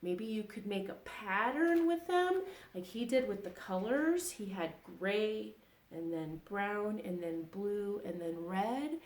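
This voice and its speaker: A woman reading a children's story aloud, animated and asking the young listeners questions as she goes. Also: mid-range voice, slow pace, reverberant.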